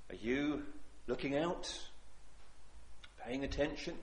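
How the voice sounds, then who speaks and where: A man's voice: fairly high pitch, sing-song, takes it slowly, reverberant. A man preaching a sermon in an earnest, pleading way, repeating phrases for emphasis.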